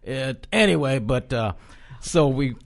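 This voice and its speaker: A man's voice: medium pitch, expressive, unhurried, vocal fry. A man hosting an indie music and arts radio show, joking, teasing and laughing often between his questions. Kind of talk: casual radio interview.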